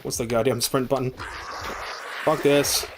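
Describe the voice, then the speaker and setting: A man streaming a game live, swearing often and shouting at monsters, with dry joking asides in between. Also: medium pitch, little pitch movement, unhurried, over music. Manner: exasperated, swears a lot, yells at game monsters. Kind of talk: live gameplay commentary.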